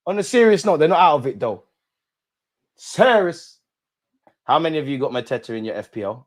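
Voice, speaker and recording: Excitable young man hosting a football watch-along. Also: on the high side, a little fast. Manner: excitable, shouts and chants at goals, London street slang.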